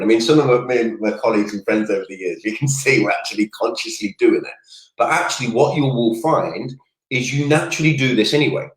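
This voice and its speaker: Male coach with a low voice, upbeat and rambling, echoey room. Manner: energetic, rambling, goes off on tangents. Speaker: network marketing coach. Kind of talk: casual livestream coaching talk. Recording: roomy echoey room sound.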